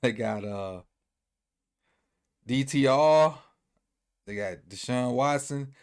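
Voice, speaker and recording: A man's voice: mid-range voice, slow, darkish tone, smooth. Easygoing man rambling through a sports recap. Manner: loose, rambling, repeats himself, thinks aloud. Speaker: sports commentator.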